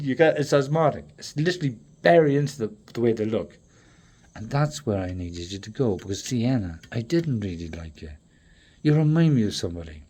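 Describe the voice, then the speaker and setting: A man with a low, husky voice rambles through a stream-of-consciousness monologue, swearing freely. He jumps from loud bursts to quiet mutters, talking straight to whoever is watching.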